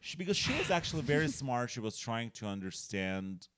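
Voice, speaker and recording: A man's voice: medium pitch, very animated, fairly quick, fairly bright tone, clean tone, no echo, studio quality. A man from Azerbaijan, a comedian guest, telling stories in casual podcast chat and laughing often. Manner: storytelling, joking, laughs often.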